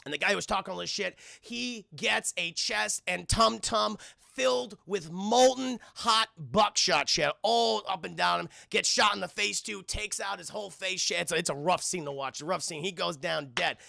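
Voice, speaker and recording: A man recapping a film on a live stream in an animated, profane way, constantly talking to his chat. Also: high-pitched, moderate pace, gravelly, dry recording, clean studio sound.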